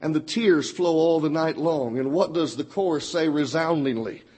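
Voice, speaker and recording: A man with a fairly high, husky voice delivers a sermon. He climbs in pitch when quoting scripture and sinks low and quiet when he turns personal. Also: normal speed. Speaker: preacher.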